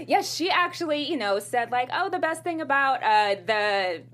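A woman hosting a casual panel talk, leading topics with animated delivery. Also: high-pitched, moderate pace. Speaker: host.

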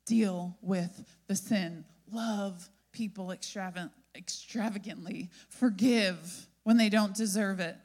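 A woman pastor preaching a sermon in a lively storytelling manner, often asking "right?". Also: medium pitch, slow pace, few pauses.

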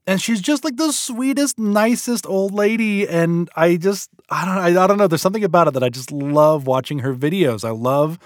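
A man co-hosting a casual podcast chat, animated and eager, slipping into playful voices when retelling videos. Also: sits high, normal speed, hardly any pauses, no room sound, clean studio sound. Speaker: podcast co-host.

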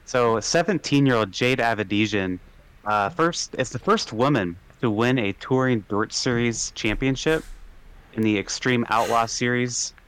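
A man co-hosting a podcast in casual chat. His voice is smooth and clear. He talks in a chatty, upbeat way, filling his sentences with "like". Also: medium pitch, unhurried, fairly bright tone, low-quality recording. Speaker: podcast co-host.

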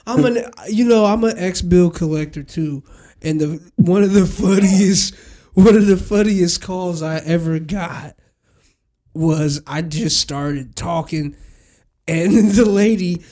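A man in casual chat, speaking in a playful, animated way. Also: sits high, slow.

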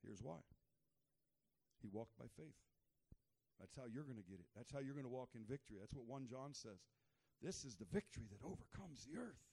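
A man preaching a fervent sermon, moving between loud exhortation and quiet, low asides.

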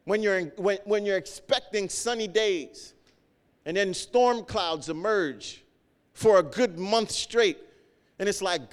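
A man preaching a sermon, earnest, repeating key phrases for emphasis and swinging between loud and soft. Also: sits high, slow pace, clear, resonant tone, big-room sound. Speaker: pastor.

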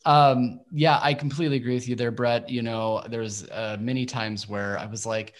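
A man's voice: medium pitch, fairly even intonation, moderate pace. Chatty man hosting a podcast. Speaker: podcast host. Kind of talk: casual podcast discussion. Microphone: remote call microphone.

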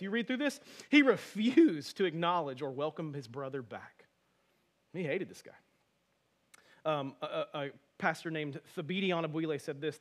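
Guy preaching a sermon, kinda high voice, chatty then suddenly loud. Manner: animated, conversational preaching with sudden loud emphasis. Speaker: pastor.

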